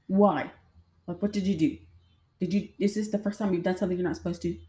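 A woman's voice: fairly low pitch, steady tone, fast talker, warm tone, close to an everyday voice. A woman quoting her incredulous old grandma. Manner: incredulous questioning. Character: surprised older grandmother, amused and fussing. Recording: roomy echo.

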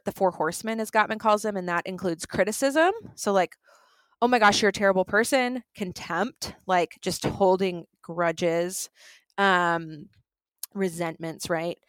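A woman's voice: medium pitch, a little slow, no echo. Dry, close woman explaining relationships. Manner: animated, acts out quoted lines. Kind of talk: conversational explaining.

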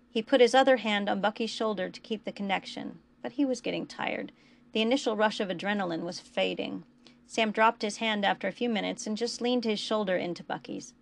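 A woman podcast host reading fan fiction aloud in a quiet, even storytelling manner. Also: mid-range voice, gravelly.

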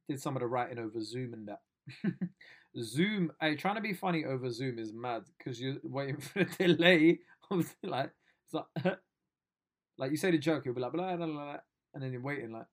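Excitable man, slangy and swearing. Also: on the high side. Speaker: comedian vlogger. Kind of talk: casual lockdown video diary.

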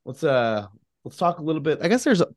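A man's voice: a little high, very animated, fast talker, no echo, studio quality. A man co-hosting a casual podcast, rambling and joking with frequent laughs. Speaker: podcast co-host. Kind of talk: casual chat.

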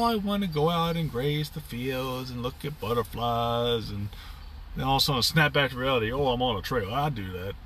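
Middle-aged male podcast host, rambling and upbeat, bright tone, off-mic. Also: medium pitch, far from the mic, a little hiss or hum. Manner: rambling, upbeat, with frequent fillers and restarts. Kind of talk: casual reflective monologue.

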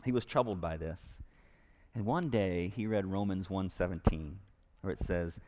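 A man's voice: low-pitched, normal speed, darkish tone. A man preaching a sermon in a church to a live congregation, earnest and emphatic, repeating key phrases with frequent restarts. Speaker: pastor.

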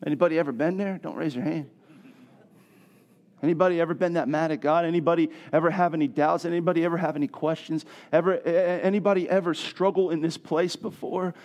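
A middle-aged man preaching a sermon, telling a personal story and building to loud, emphatic passages. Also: a little high, fairly even intonation, quick pace. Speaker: pastor.

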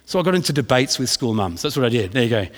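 A man's voice: medium pitch, big pitch swings, rapid-fire. A man, a pastor preaching a sermon in a casual storytelling way, often checking in with "right?". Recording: reverberant hall.

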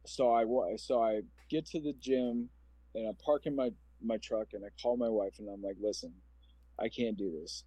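An earnest man in his forties from Omaha, Nebraska, shares his story as a podcast guest, rambling and emotional as he goes. His voice is warm and mellow. The sound is dry, with no room echo. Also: mid-range voice, moderate pace. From Omaha, Nebraska, USA. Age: 40s. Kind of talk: personal storytelling interview.

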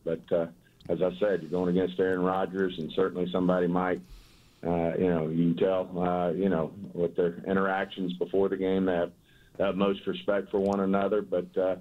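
A football coach at a press conference speaking haltingly with many fillers. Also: male voice, sits low, level tone. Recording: tinny phone-like clip.

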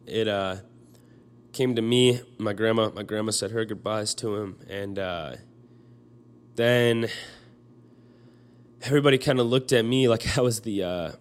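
A young man telling a personal story in a halting way, full of fillers and restarts, choked up as he speaks. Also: on the low side, smooth.

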